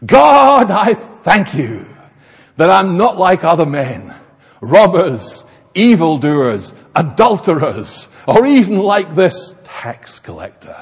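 A preacher acts out a self-righteous Pharisee praying aloud about himself. The man's voice is breathy and boastful, with a mocking lift and a lot of pitch movement. A long hall reverb trails behind it. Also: sing-song, slow pace, exaggerated voice. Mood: smug.

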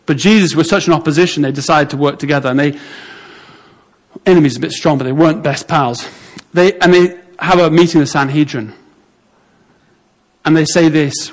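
A preacher with a strikingly high voice gives a sermon at a normal speed, pausing often. He tells the story vividly and acts out how the onlookers would have reacted.

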